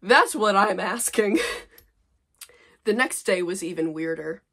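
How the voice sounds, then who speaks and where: A woman's voice: medium pitch, animated, measured pace, pauses often, fairly bright tone. A woman in her twenties reading her old fanfic aloud, with sarcastic, self-mocking commentary. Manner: sarcastic, exasperated, laughing at herself. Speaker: vlogger.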